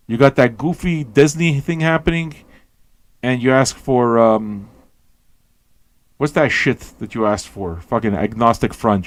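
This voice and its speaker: A man hosting a radio show, rambling and swearing as he questions everything aloud, tired and high. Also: dry recording. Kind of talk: casual rambling talk to listeners.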